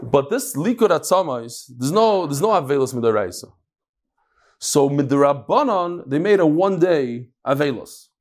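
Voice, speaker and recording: A man giving a casual Talmud lesson, explaining the text and telling jokes with animated storytelling. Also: moderate pace. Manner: animated storytelling, lively shifts in pitch. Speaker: Talmud teacher.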